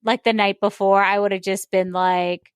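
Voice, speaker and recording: A podcast co-host tells a rambling story in a relaxed chat, peppering it with "like" and other filler words. Her medium-pitched voice is smooth and fairly flat in pitch, moving at a normal speed, recorded cleanly in a studio without echo.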